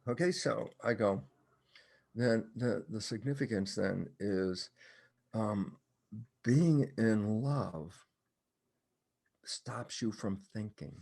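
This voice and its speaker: Older male guest on an interview podcast, gravelly and husky low voice, animated storyteller who acts out his dialogues. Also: takes it slowly, long pauses. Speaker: guest, cell biologist. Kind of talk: conversational explanation in a podcast interview.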